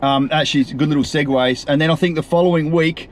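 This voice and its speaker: A man's voice: on the high side, steady tone, quick pace. A man with an Australian accent hosting a casual vlog, talking in a chatty, upbeat way with a lot of ums and uhs while he drives. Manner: chatty and upbeat, with frequent fillers. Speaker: property coach and show host. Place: in a vehicle on a drive. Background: faint road and traffic noise.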